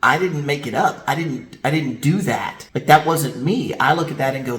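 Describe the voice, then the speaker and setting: Here a pastor's voice sits a little high and moves at a moderate pace. His sermon is animated storytelling, rich in vivid tales and rhetorical questions, and it carries a roomy echo.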